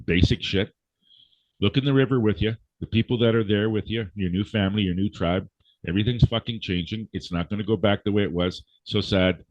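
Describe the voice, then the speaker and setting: Deep-voiced man ranting with profanity. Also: no room sound. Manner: profane, emphatic, lecturing. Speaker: guest speaker. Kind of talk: blunt ranting conversation. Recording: dull, dry lo-fi audio.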